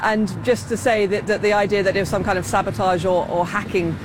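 A man reporting live news outdoors in a measured way, with some fillers. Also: high-pitched, fairly even intonation. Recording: outdoor street noise.

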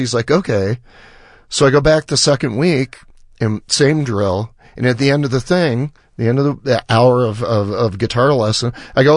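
A male musician guesting on the radio tells a long, animated story, playing out the other people's lines as he goes. His pitch is medium and his speed normal, captured in studio quality with no room sound.

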